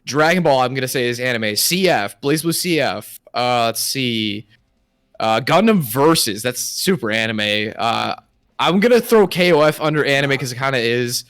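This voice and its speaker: A man's voice: medium pitch, expressive, normal speed, fairly bright tone, clean tone, no echo, studio quality. A man hosting a casual gaming podcast, steering the talk and listing games with small hesitations. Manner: leads the talk, lists names with hesitations. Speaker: podcast host. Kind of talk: casual chat.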